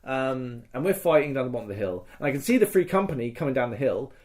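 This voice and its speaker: A man's voice: medium pitch, animated, fast, a little mellow. A man co-hosting a podcast, telling a battle story in casual chat, acting out the quotes and swearing freely. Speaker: podcast co-host.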